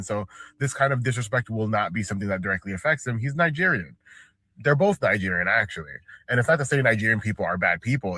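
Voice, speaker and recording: A man giving measured, explanatory commentary that lays out his reasoning step by step. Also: on the low side, a bit bright, no echo. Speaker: social media commentator. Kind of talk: analytical commentary.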